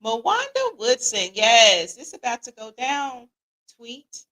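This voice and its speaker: A middle-aged woman, hosting a casual livestream and greeting viewers in a lively, slangy, playful way. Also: fairly high pitch, takes it slowly. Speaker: podcast host.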